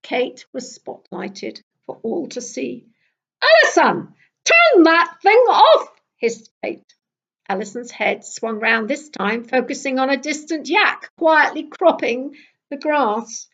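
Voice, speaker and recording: Older woman from Britain, wry memoir reading, fairly high voice, dull lo-fi sound. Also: slow pace. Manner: lively, wry storytelling. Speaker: storyteller. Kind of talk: reading a travel memoir aloud.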